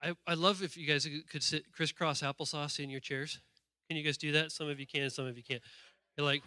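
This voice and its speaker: A man preaching a sermon, an animated, joking storyteller. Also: on the high side, brisk, no echo. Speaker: pastor.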